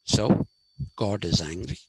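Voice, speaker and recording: A man's voice: fairly low pitch, lively intonation, takes it slowly, breathy edge, no room sound, low-quality recording. A man lecturing a class, explaining points step by step and repeating them with frequent "okay"s.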